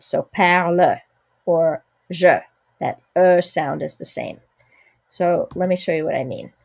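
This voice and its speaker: A middle-aged woman with a fairly low voice teaches French pronunciation in English. She explains patiently and slows down to model each French word clearly. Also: darkish tone. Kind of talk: spoken language lesson.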